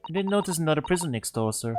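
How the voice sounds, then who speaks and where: A man's voice: on the high side, lively intonation, rapid-fire, music in the background, natural voice. A man voicing a polite, earnest young Japanese law student, a little hesitant, reading game dialogue aloud.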